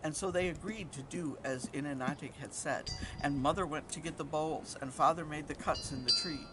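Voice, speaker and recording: A woman storyteller telling a folktale to children, lively and quizzing her listeners along the way. Loud background noise, with passing vehicles, runs under her voice. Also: sits low, moderate pace. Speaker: storyteller and educator.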